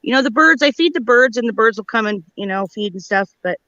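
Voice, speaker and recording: A woman's voice: a little high, animated, fast, pushed and bright, no echo. A woman guest calling in by phone, rambling casually and searching for words. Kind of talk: casual chat. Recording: dull dry phone audio.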